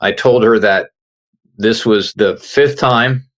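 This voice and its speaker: A middle-aged author, guesting on an interview show, earnestly tells a personal story and voices the people in it. His voice sits on the low side, a bit bright, and he takes his time.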